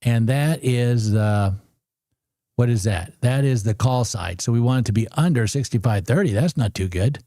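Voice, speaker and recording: A man hosting a live trading stream, chatting to his viewers in an excitable, casual way and repeating numbers aloud as he works. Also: mid-range voice, normal speed, dry recording, clean studio sound. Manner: excitable, talks to viewers and chat. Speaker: livestream trading host.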